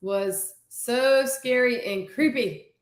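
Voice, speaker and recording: A woman's voice: on the high side, takes it slowly. A woman paranormal investigator chatting casually and reacting to her co-host. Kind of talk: casual chat. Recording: roomy echo.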